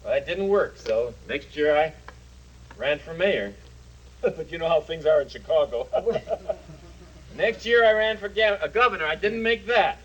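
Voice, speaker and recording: TV puppet comedy: self-important dragon candidate, rambling patter, lively high pitch. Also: male voice, measured pace, husky, dull audio, heavily acted. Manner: pompous, rambling salesman patter. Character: boastful good-natured male dragon, perennial candidate. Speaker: puppet character.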